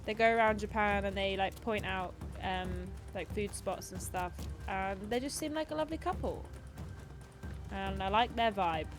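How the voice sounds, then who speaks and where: A woman in her twenties chats casually on a gaming livestream, rambling from topic to topic with plenty of ums and likes. Her pitch is mid-range and ordinary, and her talk stays relaxed and conversational. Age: 20s. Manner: chatty, rambling, lots of fillers. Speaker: streamer host.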